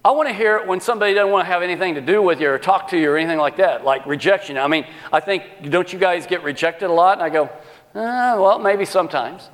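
Middle-aged guy preaching, kinda high voice, acts out the back-and-forth, big echoey church hall. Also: quick pace, few pauses. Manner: animated, acts out dialogue. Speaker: pastor. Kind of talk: sermon storytelling. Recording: long hall reverb.

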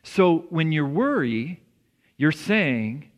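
Pastor, male, bright high voice, earnest conversational preaching, big church reverb. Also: very animated, unhurried. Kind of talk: sermon. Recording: long reverb of a church hall.

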